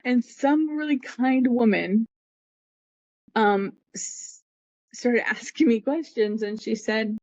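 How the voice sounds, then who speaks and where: On a podcast, a middle-aged woman with a high-leaning, darkish voice tells a personal story slowly, rambling but heartfelt. She slips into the voices of the people she quotes. The audio sounds dull and muffled, with no room echo.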